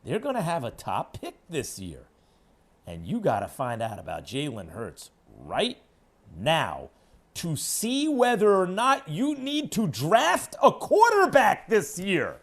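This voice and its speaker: This New York sports radio host delivers an opinionated monologue, hectoring and emphatic, lurching from loud declarations to low asides. His pitch swoops wildly, and he talks slowly.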